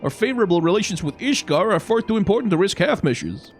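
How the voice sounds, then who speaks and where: A man's voice: sits high, very animated, fast talker, soft background music. A man reading as an earnest commander.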